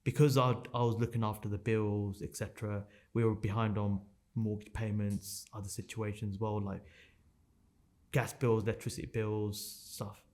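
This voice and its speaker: A man's voice: on the low side, little pitch movement, normal speed, darkish tone. Intense man telling a raw story. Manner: raw, intense, swears often, repeats phrases for emphasis. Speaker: podcast guest. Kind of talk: emotional personal storytelling.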